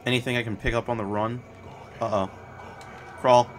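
A man giving casual, profane commentary while he plays, swearing often and blurting out quick reactions. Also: medium pitch, level tone, soft background music. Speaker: gameplay streamer.

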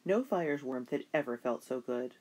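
A middle-pitched voice reads a children's historical novel aloud. The delivery is steady, like a bedtime story, with only light voicing for the characters. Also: moderate pace. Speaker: narrator. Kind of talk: audiobook narration of a children's novel.

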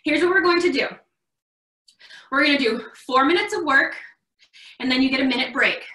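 A woman's voice: high voice, normal speed, sharp tone, recorded from a distance. A young woman coaching a live online workout class, encouraging and a little out of breath, heard from across an echoey room. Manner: encouraging, upbeat instructions. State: slightly out of breath. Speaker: fitness coach.

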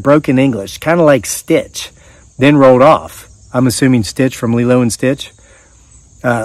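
A man's voice: medium pitch, no echo. Regular guy host reading creepy stories, casual, cracks little jokes. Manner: casual, joking asides. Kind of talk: reading listener stories aloud with asides.

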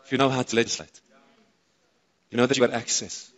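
A man with a South African accent preaching a sermon, excitable and chatting with the congregation between points. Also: mid-range voice, a little fast. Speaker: pastor. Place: church auditorium. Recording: reverberant church hall.

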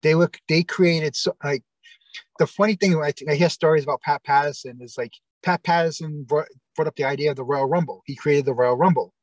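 A man's voice: on the high side, brisk, no room sound, low-quality recording. A man, a guest in an interview, telling a long story in a rambling way with many fillers and restarts, acting out other people's lines.

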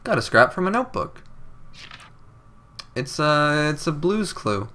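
A man's voice: fairly high pitch, big pitch swings, a little slow, long pauses, bright, forceful tone. A young man doing casual let's play commentary, reading game dialogue aloud with a sarcastic, jokey manner. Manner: sarcastic, jokey, reads game text with odd inflections.

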